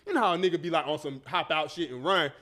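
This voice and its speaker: A man's voice: on the high side, fast talker. A man hosting a podcast, telling a story in casual, profane chat and acting out the people in it. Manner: animated, profane, acts out voices in his story. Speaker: podcast host.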